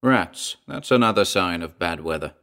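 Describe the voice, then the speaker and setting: A man reading a giant of an outdoorsman from a storybook, speaking in a low, gruff growl. He sounds blunt and rugged. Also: animated, moderate pace, fairly bright tone. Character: big, rugged outdoorsman on home leave.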